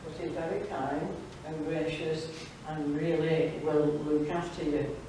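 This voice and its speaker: A woman's voice: deep voice, level tone, a little slow, background noise. A woman giving a devotional talk at a church fellowship evening, reading a story aloud with chatty asides to the audience. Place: church hall. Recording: very echoey hall, distant mic.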